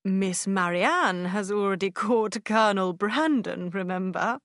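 A woman voicing a jolly, hearty country gentleman in a storybook reading, cheerful and boisterous. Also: medium pitch, a little slow, no room sound, clean studio sound.

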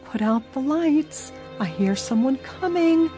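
A woman's voice: high-pitched, lively intonation, a little slow, mellow, pitched above the performer's own voice. A timid, fretful teenage girl frets in a raised, anxious voice, as a woman reader puts her on. Her words come out lifted and uneasy, a storybook worrier. Faint music sits under the reading. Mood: whispering.

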